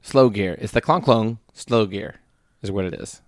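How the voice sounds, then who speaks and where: A man's voice: on the low side, normal speed, no room sound. A man co-hosting a gear podcast in casual chat, playful as he describes pedals. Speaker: podcast co-host.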